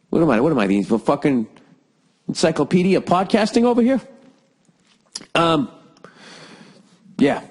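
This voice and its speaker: Guy riffing on his podcast, swears nonstop, a bit husky, got a cough. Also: medium pitch, a little mellow. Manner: profane, sarcastic, riffing. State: has a lingering cough. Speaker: podcast host. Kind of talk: rambling solo podcast monologue.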